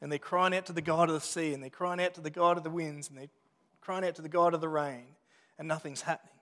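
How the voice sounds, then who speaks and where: A fairly high-voiced man preaches a sermon, his words trailing into the long reverb of a church hall. He talks it through conversationally, with restarts and friendly asides. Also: steady tone, fast, fairly bright tone. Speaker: pastor.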